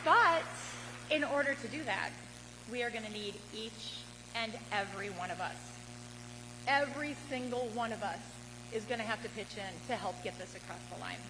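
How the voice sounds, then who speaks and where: A woman from Wisconsin with a high, bright-edged voice delivers a rousing rally speech, calling the crowd to answer back. Her voice rings out across a big hall with a long echo. A steady roar of crowd noise sits behind her. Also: normal speed. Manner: rousing, leads the crowd in call-and-response. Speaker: politician speaking at a campaign rally. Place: large hall at a campaign rally.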